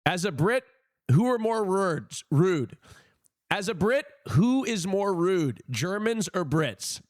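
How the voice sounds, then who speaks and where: A man's voice: high voice, slow pace, dry recording, studio quality. A man livestreaming, chatting casually with his viewers and giving blunt opinions. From United States. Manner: animated, opinionated, talks to chat.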